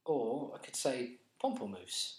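A man's voice: medium pitch, sing-song, measured pace, darkish tone. A man co-hosting a podcast in casual chat, dry and self-deprecating. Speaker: podcast co-host. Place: apartment. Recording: echoey room.

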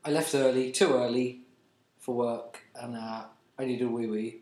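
A man chatting casually on a podcast, musing in a dry, offbeat way and often trailing off quietly. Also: medium pitch, fairly even intonation, moderate pace. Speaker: podcast co-host. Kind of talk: casual chat. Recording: roomy echoey sound.

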